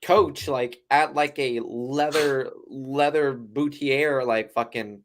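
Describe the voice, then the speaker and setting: A man's voice: mid-range voice, fairly even intonation, slow pace. A laid-back man co-hosting a movie podcast, chatting casually. He swears easily and leans on "like" as a filler. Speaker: podcast co-host.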